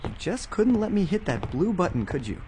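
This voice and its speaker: An actor playing an exasperated young friend who is sarcastic and indignant. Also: male voice, sits high, sing-song, fairly quick, dark tone, a little hiss or hum. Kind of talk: audio drama acting.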